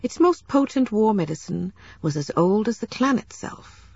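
A woman narrating a novel as an audiobook, in a measured, steady storytelling manner, in a dull lo-fi recording. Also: medium pitch, vocal fry, husky, no echo.

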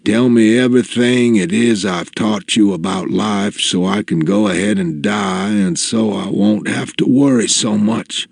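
Man voicing a frail dying old dad, shaky slow words, very deep voice, dry close sound. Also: vocal fry, a little mellow, breathy edge, dry recording, heavily acted. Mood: pleading. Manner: slow, shaky, halting delivery. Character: dying elderly father, gruff, teasing and worried.

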